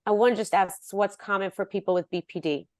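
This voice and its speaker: A woman's voice: mid-range voice, steady tone, brisk, darkish tone, dry recording, clean studio sound. A woman moderating a webinar, reading out audience questions in a polite, matter-of-fact way.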